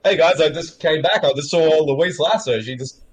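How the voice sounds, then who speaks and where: A man's voice: on the high side, normal speed, crowd noise. A man co-hosting a casual movie podcast, chatty and playful. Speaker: podcast co-host.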